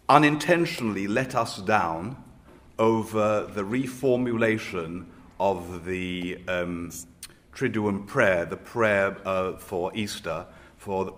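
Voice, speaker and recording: Man, rabbi, panel talk, low voice, measured, hesitant, anecdotal. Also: a bit bright. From Israel.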